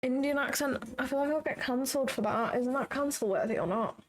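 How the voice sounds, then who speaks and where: High-voiced chatty woman livestreamer. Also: brisk. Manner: chatty, exclamatory, swears casually. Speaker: trading livestreamer. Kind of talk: casual livestream commentary.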